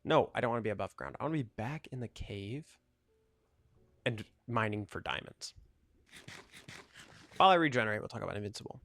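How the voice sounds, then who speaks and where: A man's voice: fairly low pitch, lively intonation, a little fast, vocal fry, pauses often, fairly bright tone, no echo. A young man chatting casually over his gameplay, rambling, joking and ranting about whatever comes up. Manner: rambling, jokey, ranting asides. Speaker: gaming YouTuber.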